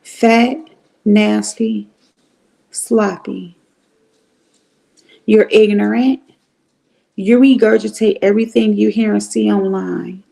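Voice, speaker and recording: A middle-aged woman from Cleveland giving blunt, profane, animated commentary on a livestream. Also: mid-range voice, slow pace, gravelly, long pauses. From Cleveland, Ohio.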